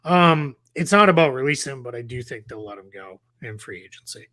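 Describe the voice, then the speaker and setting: A man's voice: mid-range voice, animated, brisk, sharp tone. A man hosting a casual live stream, talking in a rambling way with many fillers and restarts. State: has the hiccups. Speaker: podcast host.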